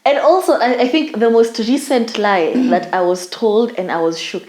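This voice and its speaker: A woman's voice: a little high, moderate pace, a little mellow. A young Kenyan woman co-hosting a podcast, telling a story in casual chat with Swahili slang. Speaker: podcast co-host. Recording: echoey room.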